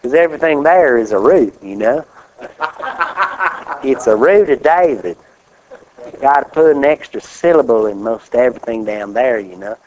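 A middle-aged man from Kansas preaching a lively, joking sermon, reading scripture aloud slowly and with emphasis. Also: mid-range voice, slight background noise. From Kansas, USA. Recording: dull lo-fi live recording.

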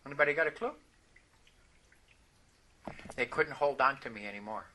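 A man preaching a sermon, telling a personal story with animated, emphatic declarations. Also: medium pitch, normal speed, a little hiss or hum.

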